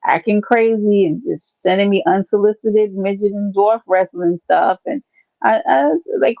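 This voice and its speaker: A woman's voice: mid-range voice, unhurried, gravelly, no echo, lo-fi sound. A woman hosting a live stream, rambling and teasing her viewers in a playful, chatty way. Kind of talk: casual live stream chat.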